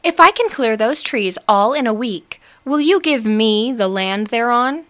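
A woman's voice: a little high, animated, unhurried, fairly bright tone. A woman voicing a bold, sly young female troll who chants her lines in a sing-song way. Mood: scheming.

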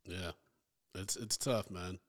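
A man's voice: sits low, steady tone, slow pace. A man co-hosting a casual movie-review podcast, joking, reading out trivia and acting out scenes. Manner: jokey, reads out trivia, acts out scenes. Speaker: podcast co-host.

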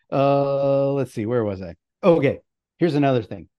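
A man talking loosely on a podcast, his voice at an ordinary middle pitch. He rambles and laughs a lot, dropping swear words into long, winding explanations. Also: expressive, measured pace, highs cut off. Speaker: guest presenter. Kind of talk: casual podcast chat.

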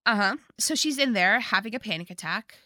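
A woman casually chatting as co-host, recapping a movie in an animated way and laughing often. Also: medium pitch, brisk, dry recording, studio quality.

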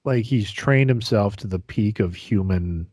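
A middle-aged man in casual chat, animated and acting out quotes in voices. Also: lowish voice, measured pace, breathy edge, no room sound, clean studio sound.

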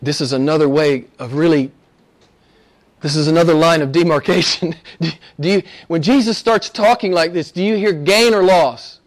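A pastor preaches a sermon in a conversational style at normal speed. He poses rhetorical questions and repeats phrases for emphasis, sinking quiet and low before climbing back up loud and excited.

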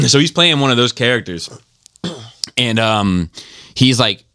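A man's voice: medium pitch, sing-song, slow pace, gravelly, sharp tone, no room sound, studio quality. A man in casual podcast chat, rambling and profane, who tells stories with animation.

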